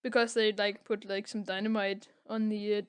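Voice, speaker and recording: A woman's voice: mid-range voice, little pitch movement, normal speed, clear, resonant tone. A young woman recapping a comic on a casual podcast, rambling with lots of filler words. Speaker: podcast co-host.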